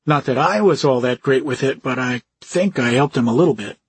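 A man telling an anecdote in an interview, animated and acting out the dialogue. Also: mid-range voice, a little fast, slight background noise. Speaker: actor interviewee.

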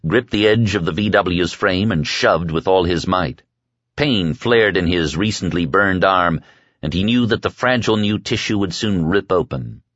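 A man reading an audiobook in a measured, dark storytelling manner. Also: low voice, dry recording. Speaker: audiobook narrator. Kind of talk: scripted audiobook narration. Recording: dry dull lo-fi audio.

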